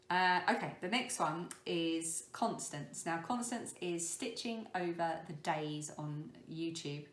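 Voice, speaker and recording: A woman hosting a crafting podcast, talking casually and rambling, with many ums and self-deprecating asides. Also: low voice. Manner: self-deprecating, laughs at herself. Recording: roomy echo.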